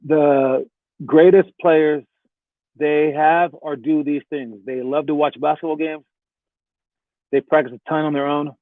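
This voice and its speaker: A man in the role of a basketball coach gives casual advice straight to his viewers, his voice sitting a little high. He keeps slipping into short acted-out exchanges between players and coaches. The sound is dry and narrow, like a phone line. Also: fairly even intonation, dry recording. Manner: conversational, acts out quick quoted exchanges. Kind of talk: casual talking-head advice video.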